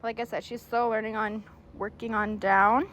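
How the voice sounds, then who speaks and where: A woman's voice: level tone, moderate pace, a bit bright, rough recording. A woman dog trainer giving friendly, explanatory tips to a puppy's new owners, with fillers and easy restarts. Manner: switches to a high, sing-song praise voice with the puppy. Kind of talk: instructional video for a puppy's owners.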